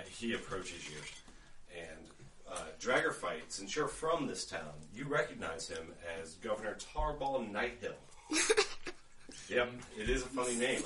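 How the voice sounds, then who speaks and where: A man's voice: on the low side, reverberant. Guy dming a tabletop game, lots of ums, far from the mic, noisy. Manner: relaxed narration with frequent fillers and laughs. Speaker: game master.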